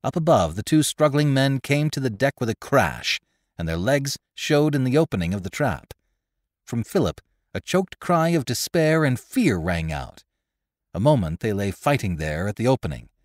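A man narrating a classic adventure story in a scripted, expressive reading. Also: medium pitch, no room sound, studio quality. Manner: expressive, lively reading with character voices. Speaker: narrator and host.

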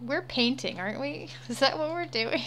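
A woman's voice: high-pitched, lively intonation, moderate pace, fairly bright tone, a little hiss or hum. A woman streaming as she draws, chatting casually, laughing often and swearing freely. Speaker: livestreamer. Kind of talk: casual livestream chat while drawing.

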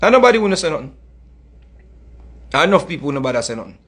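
A man's voice: a little high, big pitch swings, very fast, fairly bright tone, breathy edge. A middle-aged man with a Jamaican accent, delivering a heated, scolding monologue that mixes in Patois and repeats his points. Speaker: music commentator.

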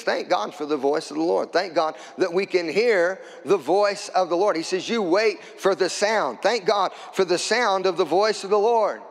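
A man preaches a sermon from the pulpit, weaving in scripture and climbing to shouts when the message peaks. His voice sits fairly high for a man. A long reverb from a church sanctuary trails every line. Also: normal speed, hardly any pauses. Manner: preaching with scripture quotes, rising to shouts at climaxes. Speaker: pastor.

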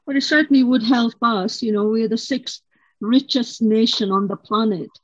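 A woman's voice: fairly high pitch, normal speed, no echo. Supportive woman host, dry dull sound. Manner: soft, supportive listener. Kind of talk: interview host.

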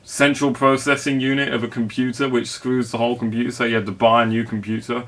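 A man's voice: mid-range voice, level tone, fast, fairly bright tone. Man ranting in a put-on East London accent. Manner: mock-outraged, jokey, sarcastic. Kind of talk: ranting vlog. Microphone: webcam.

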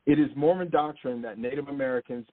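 Male bible teacher, husky voice, phone-quality recording, reads passages then asks "okay?". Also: mid-range voice, fast. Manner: reads long passages aloud, checks in with "okay?". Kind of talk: sermon-style bible teaching. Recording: tinny phone-like audio.

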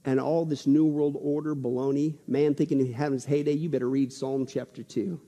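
A man preaching an excitable, jokey sermon, often firing rhetorical questions at the crowd. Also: mid-range voice, a little fast. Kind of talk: sermon on prophecy. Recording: long hall reverb.

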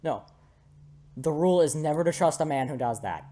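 A man's voice: fairly high pitch, lively intonation, a little fast, dark tone. A young man casually commentating a game, joking and laughing as he plays. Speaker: let's play host.

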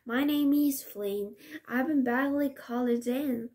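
A woman's voice: high-pitched, slow, darkish tone. A woman voicing a gallant, courtly young knight in a children's storybook. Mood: gentle.

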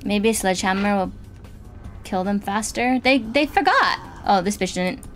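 A woman's voice: mid-range voice, expressive, normal speed, a bit bright, faint music behind. A woman commenting casually while playing a game, swearing and squealing when startled. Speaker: gaming streamer. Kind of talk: casual let's-play commentary.

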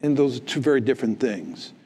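A man's voice: medium pitch, expressive, fast, dark tone, slight background noise. A man, the author of a book, answering audience questions in a public talk, lecturing emphatically and tagging his points with "right?" and "okay?".

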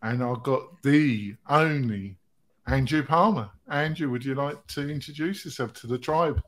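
A man's voice: mid-range voice, a little slow. A man hosting a round-table podcast over a video call, jovial, laughing often and stumbling over fillers. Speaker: host.

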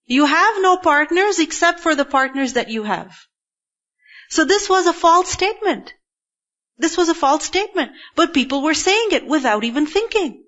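A woman's voice: high-pitched, expressive, moderate pace, a bit bright, highs cut off. A woman teaching a religious lecture, explaining step by step and often asking her listeners whether they follow. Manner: explains step by step with frequent checking questions. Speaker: Quran teacher.

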